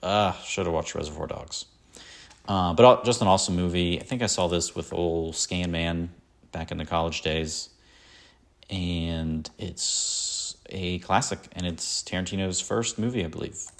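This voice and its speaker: A man's voice: sits low, fairly even intonation, unhurried, gravelly. A man hosting a podcast, chatting casually in a rambling way, with many fillers and self-corrections. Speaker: podcast host. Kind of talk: casual chat.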